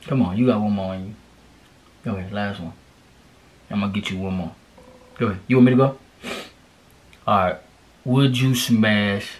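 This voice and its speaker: A man's voice: fairly low pitch, moderate pace, long pauses. A young man co-hosting a casual couple challenge video, slangy and profane, coaxing and reassuring his partner. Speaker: vlogger co-host.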